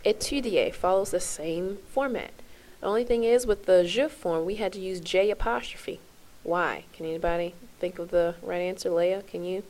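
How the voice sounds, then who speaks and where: A woman's voice: medium pitch, measured pace, darkish tone. A woman teaching a French lesson to her class, spelling out verb endings in a chant and checking in with "okay?" as she goes.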